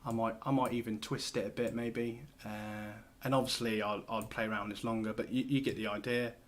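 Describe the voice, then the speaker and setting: A man's voice: fairly low pitch, flat delivery, brisk. A man hosting a casual screen-share tutorial, talking loosely with lots of fillers and restarts as he works. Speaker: host.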